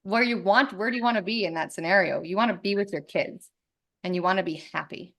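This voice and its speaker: A woman's voice: medium pitch, brisk. A woman in her thirties, a podcast guest talking candidly and with lots of energy in a casual conversation. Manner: candid, animated, swears freely.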